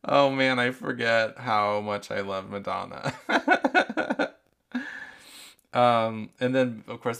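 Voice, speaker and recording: Gravelly, slow-talking podcast host man. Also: lowish voice, animated, a bit bright. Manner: rambling, profane, many filler words. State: allergy-affected voice. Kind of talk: casual monologue podcast.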